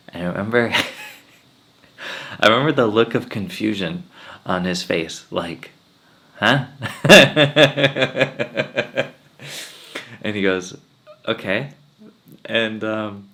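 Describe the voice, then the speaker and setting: A man's voice: low-pitched, a bit bright. A man giving a spiritual talk, telling earnest personal stories and quoting his teacher. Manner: earnest storytelling, quotes his teacher in changed voices. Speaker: swami giving satsang.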